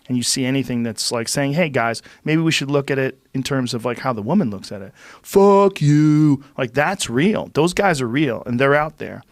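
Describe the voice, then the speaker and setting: Middle-aged man, podcast host; animated, profane storyteller, dead-dry studio sound. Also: medium pitch, no echo. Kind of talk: casual storytelling conversation.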